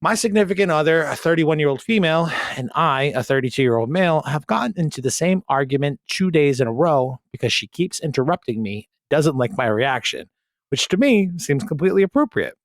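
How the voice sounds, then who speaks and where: A man's voice: on the high side, animated, fairly quick, no echo, clean studio sound. A man hosting a podcast in casual comedic chat, reading a post aloud with sarcastic, profane asides. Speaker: podcast host.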